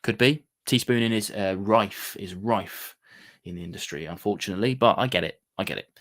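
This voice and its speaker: A man's voice: lowish voice, a little fast, fairly bright tone. A man hosting a casual whisky livestream, chatting in a rambling way with lots of fillers and restarts. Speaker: whisky show host.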